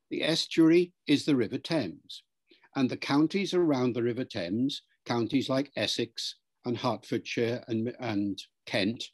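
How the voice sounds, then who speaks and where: A man's voice: mid-range voice, a little mellow, no room sound. Older man with mixed Welsh-British accent. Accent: mixed British, Welsh and Liverpool with some RP. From Wales. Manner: measured, lecturing, demonstrates sounds aloud. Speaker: professor. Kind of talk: interview answers, explaining accents.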